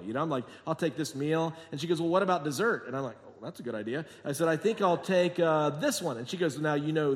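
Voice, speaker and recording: A man preaching a sermon as pastor, telling jokey stories and acting out quotes, moving between quiet asides and emphatic points. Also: on the high side. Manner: jokey, sarcastic storytelling with acted-out quotes. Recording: long hall reverb.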